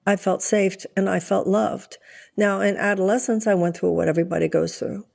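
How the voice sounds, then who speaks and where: A woman's voice: mid-range voice, fairly even intonation, fairly quick, vocal fry, darkish tone. An older woman, a spiritual author, speaking as an interview guest in an articulate, composed way. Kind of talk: podcast interview.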